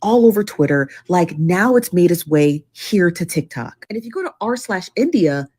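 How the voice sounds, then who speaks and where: A woman telling a story in a social media clip, animated and talking straight to her viewers. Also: fairly low pitch, moderate pace, breathy edge.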